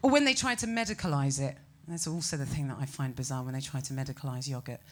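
A British woman performing a stand-up comedy set, ranting with incredulous, animated exclamations. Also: very deep voice, fast talker, slight background noise. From Britain.

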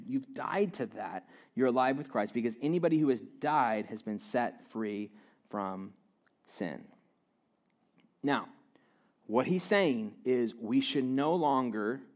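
Chatty, stammering pastor preaching. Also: male voice, mid-range voice, a little mellow. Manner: conversational, self-deprecating, many restarts and stammered repeats. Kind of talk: sermon.

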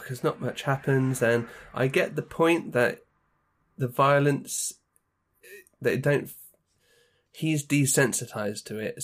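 A man chatting casually as a podcast co-host, dry and wry in his delivery. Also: medium pitch. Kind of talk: casual chat.

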